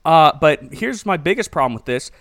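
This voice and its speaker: A man with a somewhat high voice jokes his way through a movie recap, laughing often and telling it with animated energy. The sound is dry and close, with no room around it. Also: brisk, no room sound. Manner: animated, laughing, joking storyteller.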